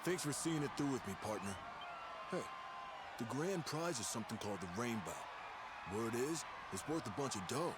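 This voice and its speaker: A man voicing a gruff male wrestler in a video game, speaking low and rough. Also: animated, moderate pace, heavy background noise, natural voice.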